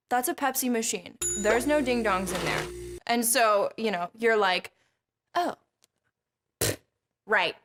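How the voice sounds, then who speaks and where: A woman's voice: sits high, fairly bright tone. A woman hosting a kids Bible lesson, chatty and jokey. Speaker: host.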